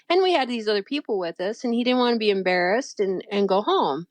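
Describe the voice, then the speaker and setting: A woman's voice: a little fast, few pauses. A middle-aged woman tells a personal story in an easy, conversational way. Her voice leaps up sharply whenever she acts out what someone said. The sound is close and dry, with no room echo. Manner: animated, acts out quoted voices with big pitch jumps. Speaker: guest telling a faith story. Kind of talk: casual storytelling.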